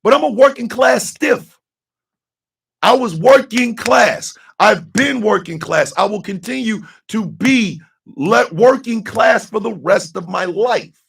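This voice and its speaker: A middle-aged man delivers a blunt, profane monologue on his radio talk show, repeating his points for emphasis. His voice sits fairly high and sounds gravelly and husky. He is heard from a short distance off the mic. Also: lively intonation, slow, fairly bright tone.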